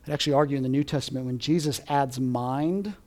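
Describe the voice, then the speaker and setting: A man teaching a Bible class, lecturing lively and asking his listeners to repeat Hebrew words, with frequent checks of "okay?". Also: mid-range voice, quick pace.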